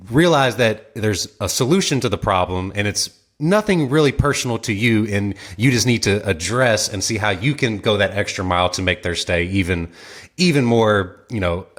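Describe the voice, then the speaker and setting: A man's voice: on the low side, fairly bright tone. A man hosting an interview, talking in long, rambling sentences full of "you know" as he searches for his phrasing. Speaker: host. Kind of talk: casual chat.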